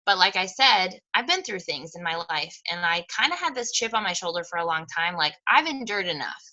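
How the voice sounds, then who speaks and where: Woman coach hyping up her team, super bright sharp voice, candid, mild swearing. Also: on the low side, lively intonation, a little fast, dull audio. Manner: candid and emphatic, with mild swearing and self-deprecating humor. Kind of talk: motivational team call talk.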